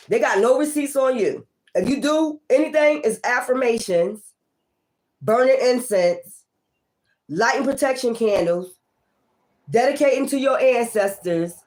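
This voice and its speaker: During an informal tarot session, the woman reading the cards is blunt and foul-mouthed, confronting her subject head-on. Her volume swings from loud outbursts down to low mutters.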